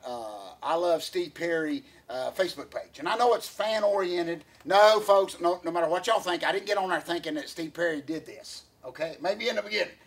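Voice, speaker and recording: A man co-hosting a casual podcast, his voice pitched high with a husky edge. He rambles and circles back, restarting his sentences and filling the gaps with "uh" as he goes. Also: moderate pace, few pauses. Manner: rambling, many fillers and restarts, laughs often. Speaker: podcast co-host.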